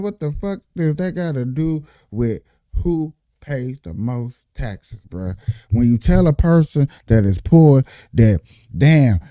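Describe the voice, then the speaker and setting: A man hosting a reaction show, talking in animated, slangy commentary full of swearing and repetition. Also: on the high side, no echo, studio quality. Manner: animated, slangy, profane, repeats himself. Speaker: host.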